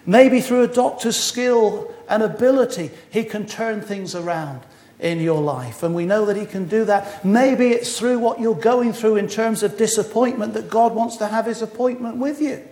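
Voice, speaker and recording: A man's voice: high-pitched, moderate pace, darkish tone. A man in his sixties preaching a sermon, earnest with wry humorous asides. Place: church hall. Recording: echoey hall.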